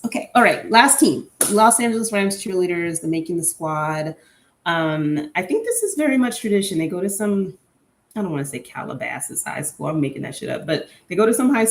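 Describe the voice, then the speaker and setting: Young woman, podcast host, casual and opinionated, lowish voice, lots of "like", roomy echo. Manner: chatty, candid, opinionated, lots of fillers. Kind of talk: casual solo podcast chat.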